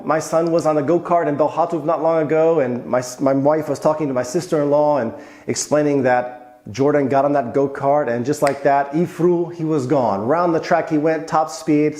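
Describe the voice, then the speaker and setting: A man hosting a video on Polish expressions chats about everyday phrases at normal speed and tells personal anecdotes. His voice is a little high with a darkish tone, recorded in an echoey room.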